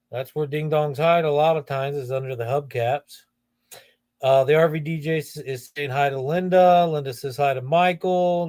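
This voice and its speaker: A man's voice: on the high side, darkish tone, dry recording, clean studio sound. A middle-aged man from Ohio hosting a casual livestream, reading viewer comments aloud and joking with them by name. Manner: chatty, jokey, greets viewers by name. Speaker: livestream host.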